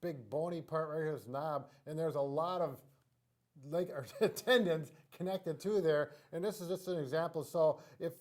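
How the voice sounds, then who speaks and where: A man's voice: fairly high pitch, normal speed, a little mellow. A middle-aged man who is a physical therapist, co-hosting with short, dry remarks and explaining a model. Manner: dry, brief agreements and corrections. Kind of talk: casual explanatory chat.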